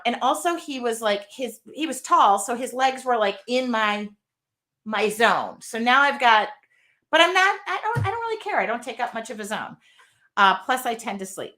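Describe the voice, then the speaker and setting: A woman's voice: medium pitch, fairly bright tone. A woman in her fifties hosting a casual chat, telling a rambling, heartfelt story. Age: 50s. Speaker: host.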